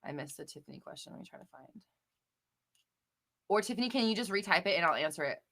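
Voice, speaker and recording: Bright-voiced woman hosting a live stream. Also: fairly low pitch, lively intonation, quick pace. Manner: emphatic, swears freely; rambling with many fillers and restarts. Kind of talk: casual live-stream chat answering viewers.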